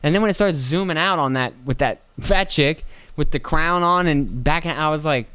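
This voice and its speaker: Profane rambling man, smooth dry voice. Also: mid-range voice, moderate pace, dry recording. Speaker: podcast host. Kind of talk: casual solo monologue. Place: at home.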